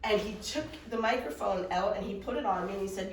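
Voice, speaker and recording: A middle-aged woman, a mindset coach, telling a story in a lively, fast way to a live workshop audience. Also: medium pitch, slight background noise. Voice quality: animated, fast storytelling with laughs. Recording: echoey room, voice from far off.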